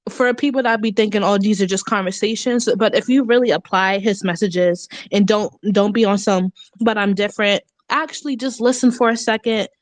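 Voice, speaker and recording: An earnest woman speaks warmly and casually, thanking her coach in a heartfelt testimonial. Her voice sits at a middle pitch. The sound is very dry and close. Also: dry recording. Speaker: caller giving a testimonial.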